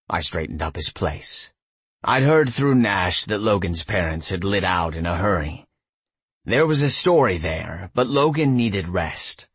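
A man narrating a first-person audiobook in a reflective, tender way with a husky voice. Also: sits low, fairly bright tone, dry recording.

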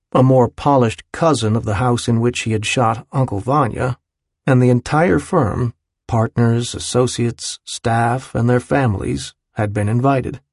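A man narrating an audiobook in a measured, even reading style. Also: medium pitch, gravelly, no echo, studio quality. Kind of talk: scripted narration.

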